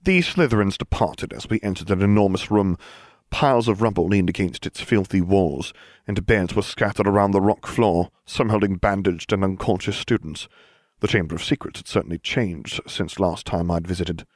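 A man reading a story aloud in a lively, animated way. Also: low-pitched, moderate pace, no echo, clean studio sound. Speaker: narrator. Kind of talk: reading fan fiction aloud.

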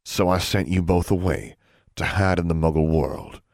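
A man voicing a soft-spoken, feared middle-aged wizard father who talks in a calm, measured, gentle way. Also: low voice, creaky, no room sound, clean studio sound.

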